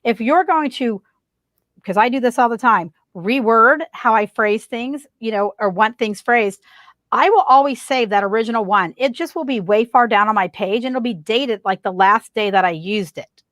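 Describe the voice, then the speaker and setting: Woman on a podcast, a bit high voice, keeps hammering her point home, dry close sound. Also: normal speed, a bit bright, dry recording. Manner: emphatic, repeats key advice. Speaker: guest marketing expert. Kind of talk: casual podcast advice.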